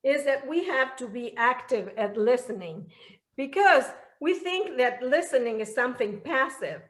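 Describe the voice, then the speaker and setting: High-voiced woman co-teaching a seminar. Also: lively intonation, measured pace, a bit bright. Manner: explains with everyday examples. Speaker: seminar co-presenter. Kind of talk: church seminar talk. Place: church hall.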